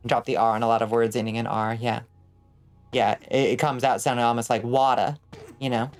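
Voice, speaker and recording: A woman's voice: rumbling low, level tone, fairly quick, soft background music. A woman from Georgia with a Southern accent, chatting casually with her stream chat while gaming. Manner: chatty, answers chat aloud, plays with pronunciations. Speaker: vtuber streamer.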